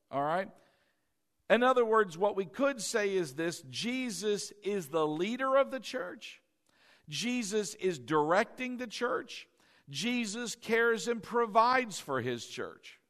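A man's voice: high voice, fairly bright tone. A man preaching a sermon, often asking "all right?" and having the congregation repeat key words after him. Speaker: pastor.

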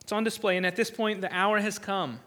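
High, bright-voiced man preaching. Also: steady tone, fairly quick. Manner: earnest, emphatic preaching with repeated restarts. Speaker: pastor. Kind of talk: sermon.

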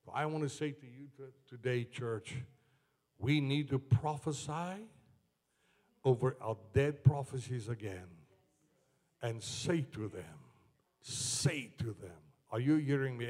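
A man preaching a sermon to his church, moving from slow, low passages up to shouted climaxes.

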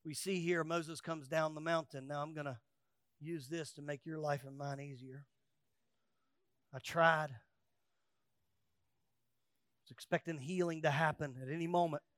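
A male pastor preaching a sermon, rising to loud emphatic peaks and dropping to quiet asides, acting out quoted voices with humor. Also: fairly high pitch, steady tone, normal speed, long pauses, dry recording, clean studio sound.

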